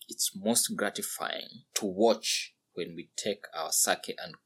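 A man's voice: sits low, takes it slowly, slightly rough, exaggerated voice. Man doing a chatty, kindly old man. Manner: gentle, chatty, delighted. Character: kindly, delighted old man in his seventies.

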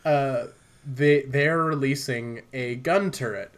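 A man's voice: medium pitch, slow. A man hosting a podcast, talking in a jokey, profane, self-deprecating way. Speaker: podcast host. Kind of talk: casual chat.

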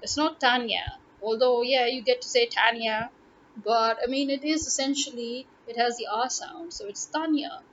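A woman's voice: on the high side, steady tone, moderate pace. A woman from Pakistan with a Pakistani English accent, talking casually to camera, exasperated and firing rhetorical questions. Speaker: vlogger. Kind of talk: casual opinion monologue. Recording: dull lo-fi audio with faint noise.

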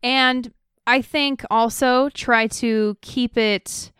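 A woman's voice: on the high side, fairly even intonation, very slow, a bit bright, smooth, no echo, studio quality. A woman co-hosting a casual podcast, giving plain, direct advice. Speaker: podcast co-host.

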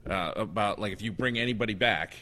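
A man's voice: lowish voice, quick pace, pushed and bright. A man hosting a podcast in casual chat, easygoing and often laughing. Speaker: podcast host.

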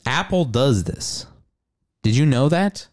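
Podcast host, young man, casual jokey delivery, mid-pitched voice. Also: lively intonation, slow, a little mellow. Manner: joking, teasing, loose. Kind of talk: casual chat.

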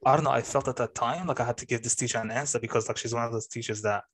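Animated young man telling a story. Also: mid-range voice, racing, husky. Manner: animated, swears freely, mimics other people's voices. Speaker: podcast co-host. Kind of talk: casual storytelling chat.

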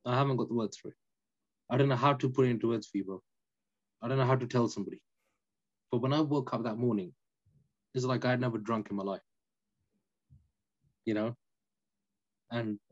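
A man, a podcast guest telling his story in an animated, emphatic casual way. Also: medium pitch, fairly quick, long pauses, lo-fi sound. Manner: animated, emphatic, peppered with "innit" and "you know".

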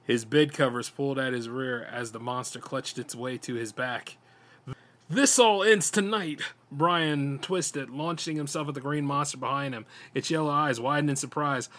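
Male podcast host; dramatic horror-story narration, steady with small stumbles. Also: mid-range voice, moderate pace, hardly any pauses.

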